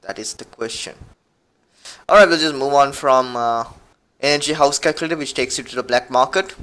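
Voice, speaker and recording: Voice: mid-range voice, a little fast, a bit bright. A podcast co-host chatting casually, giggling and rambling while reading aloud. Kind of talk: casual chat.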